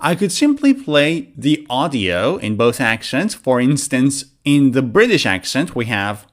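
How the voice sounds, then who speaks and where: A man with a medium-pitched voice leads an online pronunciation lesson in an energetic, animated style, slowly drilling words for listeners to repeat.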